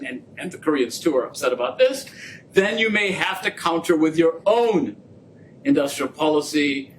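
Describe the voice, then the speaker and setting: A man giving a talk and answering audience questions, animated and jokey, acting out quoted dialogue as he tells stories. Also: fairly high pitch, a little hiss or hum, rough recording. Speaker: guest speaker on trade policy. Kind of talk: lecture and audience Q&A. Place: lecture venue.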